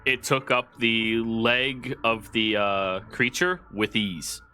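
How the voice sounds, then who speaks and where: Bright-voiced man running a tabletop game. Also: medium pitch, faint music behind. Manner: descriptive, halting narration with fillers. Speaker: game master.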